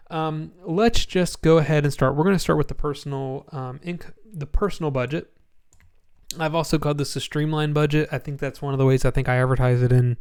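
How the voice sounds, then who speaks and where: A man giving a casual screen-share walkthrough of a spreadsheet template, sleepy and yawning, relaxed and rambling with many ums. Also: mid-range voice, clean tone.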